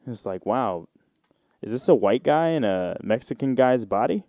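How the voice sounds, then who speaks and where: Mellow, laid-back man rambling on a podcast. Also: medium pitch, animated, normal speed, dry recording, clean studio sound. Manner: rambling, profane, laid-back, full of slang. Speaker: podcast host. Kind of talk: casual solo podcast monologue.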